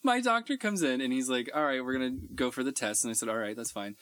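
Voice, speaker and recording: A man co-hosting a podcast from Texas, chatting casually and telling animated stories with frequent laughs. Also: mid-range voice, quick pace, no echo. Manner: animated storyteller, laughs often. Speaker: podcast co-host. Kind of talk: casual chat.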